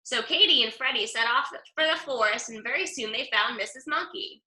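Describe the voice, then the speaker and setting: A woman reading a picture book aloud with lively, expressive storytelling. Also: on the high side, fairly quick, echoey room, rough recording. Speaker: storybook reader.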